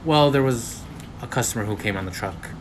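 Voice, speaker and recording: A man's voice: medium pitch, fairly quick, a little hiss or hum, natural voice. A man playing a sheepish delivery driver who hesitates and stalls with ums. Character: sheepish male delivery driver fired from his job. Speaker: job applicant in a skit.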